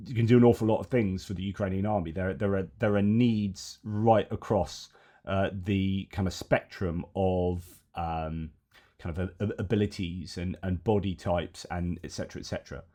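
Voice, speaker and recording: A man's voice: low-pitched, fairly even intonation, normal speed, dark tone. A man hosting news commentary, thinking aloud as he reads out headlines and then adds his own opinions.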